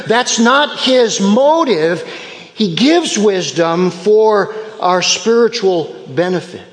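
High-voiced, slow preaching man in a hall. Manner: emphatic preaching with repeated phrases. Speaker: pastor. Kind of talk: sermon.

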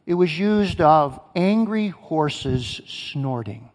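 A man's voice: a little high, animated, drawn-out words, a little mellow. A male pastor preaching a sermon, emphatic, repeating key phrases and asking his congregation questions. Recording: long hall reverb.

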